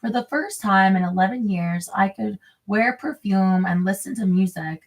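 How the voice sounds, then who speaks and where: A woman's voice: medium pitch, normal speed, recorded from a distance. Chatty woman reading aloud, a bit off-mic. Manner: chatty and crude, drifting off with rambling asides. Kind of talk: reading a memoir aloud with off-script asides.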